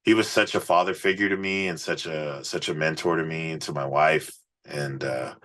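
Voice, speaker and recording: A man, a rock musician guest, telling road stories in a casual, swearing, animated way on a podcast. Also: very deep voice, moderate pace. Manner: profane, animated storyteller. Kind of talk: casual storytelling interview.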